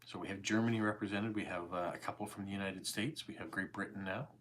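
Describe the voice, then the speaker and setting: A man in his forties with a Canadian accent, chatting calmly and easily with viewers during a live stream. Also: sits low, a little hiss or hum. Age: 40s. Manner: calm, easygoing, unhurried. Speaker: YouTube host. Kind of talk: casual livestream chat answering viewer comments.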